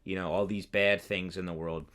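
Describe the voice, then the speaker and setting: A man's voice: sits low, little pitch movement, normal speed, a bit bright. A young man, a university student, co-hosting a casual political podcast, talking in long rambling runs with many restarts. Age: young adult. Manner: rambling, many restarts and mocking quoted voices. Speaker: podcast co-host.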